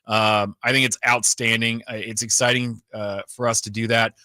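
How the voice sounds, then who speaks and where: A man chats casually on a sports radio show, piling up fillers and restarts as he goes. His voice is bright and forward, recorded close and dry with no room sound. His pitch sits in an ordinary middle range. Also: level tone, moderate pace, no room sound. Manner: chatty, rambling, lots of fillers. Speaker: radio co-host.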